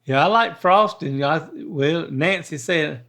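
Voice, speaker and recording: An older man from coastal South Carolina with a Southern accent, answering quiz questions slowly in a folksy, hesitant way while chatting with his son. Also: a little high, a bit bright. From northern coastal South Carolina. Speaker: show regular, father of the host. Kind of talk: casual chat.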